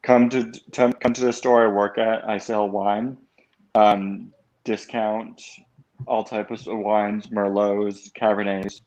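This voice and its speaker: A man from Massachusetts chatting as a livestream guest in a low-key, offhand way. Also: level tone, slow pace, a little mellow, highs cut off. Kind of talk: casual chat.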